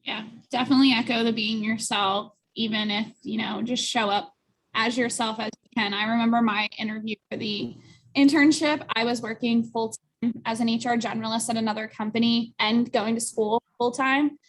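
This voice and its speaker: A woman recruiter answers panel questions in a relaxed, chatty way, with fillers and quick asides. Her voice sits a little high. She comes through a video call. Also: a little hiss or hum.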